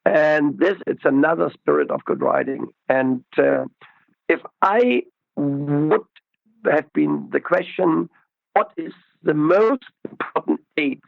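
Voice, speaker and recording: A man, a riding expert being interviewed, explaining slowly and methodically and repeating his key words. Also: fairly high pitch, gravelly, no echo, dull audio.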